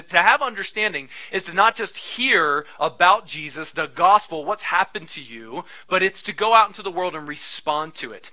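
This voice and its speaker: A man in his thirties, a pastor preaching a sermon in a conversational, animated way with frequent asides. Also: high voice, poor audio.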